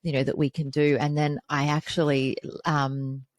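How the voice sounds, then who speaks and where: A woman's voice: low-pitched, little pitch movement, moderate pace, no room sound. A woman hosting a podcast interview, telling personal stories in a chatty way full of "you know" fillers. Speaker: podcast host. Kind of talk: conversational interview.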